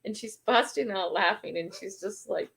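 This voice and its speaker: A woman's voice: mid-range voice, normal speed, gravelly. Chatty older woman telling a story. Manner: chatty, animated, laughing through a funny story. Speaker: livestream host. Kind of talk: casual storytelling on a livestream.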